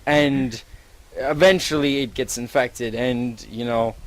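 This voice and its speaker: A man's voice: medium pitch, fairly even intonation, slow, poor audio. A man improvising a rambling, profane, gleefully gross story to a friend, full of "like"s.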